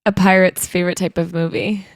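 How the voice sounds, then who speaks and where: A woman's voice: on the low side, little pitch movement, a little fast, no room sound, clean studio sound. A young woman co-hosting a casual podcast, easygoing and playful, drifting into tangents. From Tampa, Florida. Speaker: podcast co-host. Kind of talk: casual chat.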